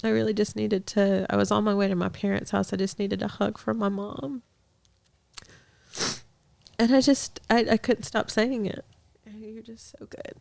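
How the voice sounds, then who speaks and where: Heartfelt woman with a gravelly fry. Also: medium pitch, steady tone, moderate pace, no room sound. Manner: earnest and heartfelt, with soft laughs and restarts. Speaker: podcast guest, ministry director. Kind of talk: personal faith testimony in conversation.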